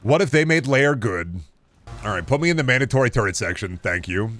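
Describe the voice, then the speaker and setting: A man's voice: medium pitch, expressive, fairly quick, fairly bright tone. A young man streaming a shooter game, riffing with goofy, profane jokes and mock voices. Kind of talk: casual gameplay commentary.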